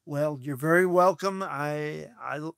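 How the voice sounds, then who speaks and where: An older man from Texas, a guest on an interview show, telling stories from his past in an unhurried, anecdotal way. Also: fairly high pitch, creaky, a bit bright, no room sound, studio quality. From Texas, USA. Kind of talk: reminiscing storytelling.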